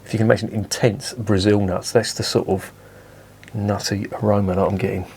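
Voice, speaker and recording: A man's voice: on the low side, level tone, brisk, a little mellow, husky. A man giving a casual beer review, blunt and enthusiastic, swearing freely.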